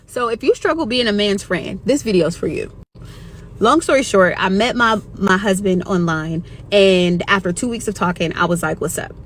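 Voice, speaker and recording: A woman's voice: mid-range voice, moderate pace, slight background noise. A woman earnestly telling a personal faith story about her marriage. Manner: earnest, heartfelt testimony.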